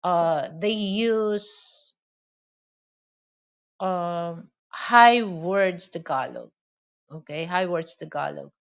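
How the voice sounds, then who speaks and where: A woman's voice: fairly low pitch, extremely slow, vocal fry, pauses often, highs cut off. A woman from the Philippines with a Filipino accent, chatting casually in a rambling way with many "you know" fillers. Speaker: vlogger. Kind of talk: casual monologue.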